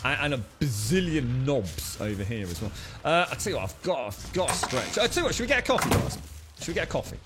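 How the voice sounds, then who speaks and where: A man's voice: mid-range voice, sing-song, quick pace. A man streaming a game, joking and swearing as he talks to his pet creature. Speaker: gaming streamer. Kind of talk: live game commentary. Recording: game music clearly heard behind. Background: game music.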